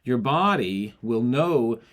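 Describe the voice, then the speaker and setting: A man's voice: mid-range voice, expressive, takes it slowly. A male voice teacher explaining how breath affects the larynx, breaking into short sung and spoken demonstrations. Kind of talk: singing lesson.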